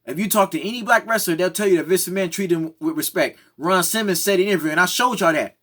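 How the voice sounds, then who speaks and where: Brief: man, high-pitched, fired-up monologue, keeps asking "right?". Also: quick pace, fairly bright tone. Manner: heated, repeats "right?" and "come on now, man". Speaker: commentary vlogger. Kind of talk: opinionated monologue.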